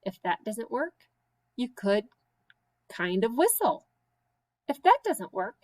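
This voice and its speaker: A woman teacher reading silly children's poems aloud with slow, sing-song, playful emphasis. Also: a little high, big pitch swings, darkish tone, poor audio. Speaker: special education teacher.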